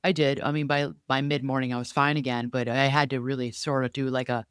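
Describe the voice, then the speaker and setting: A middle-aged woman co-hosting a podcast and coaching, talking in an animated, reflective way with many asides. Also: a bass voice, brisk, clean tone, no echo, clean studio sound. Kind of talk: casual podcast chat. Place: home podcasting room.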